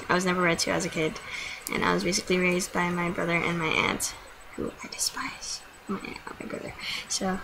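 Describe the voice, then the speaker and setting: A teenage girl vents to her camera in a blunt, profane rant, acting out both sides of an argument. Her voice sits at an ordinary middle pitch for a young woman. A faint noise floor hums under the home recording. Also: a bit bright, poor audio. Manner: profane, blunt storytelling with quoted dialogue. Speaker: vlogger. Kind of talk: casual vlog rant.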